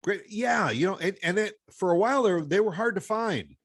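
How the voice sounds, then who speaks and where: A man hosting a podcast in casual chat, speaking haltingly with frequent restarts. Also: sits high, lively intonation. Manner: halting, many restarts and fillers. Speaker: podcast host.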